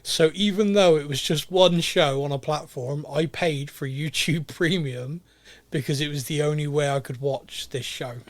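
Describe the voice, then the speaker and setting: A man's voice: fairly high pitch, normal speed. A man hosting a podcast, chatting casually, self-mocking and often laughing. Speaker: podcast host. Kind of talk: casual chat.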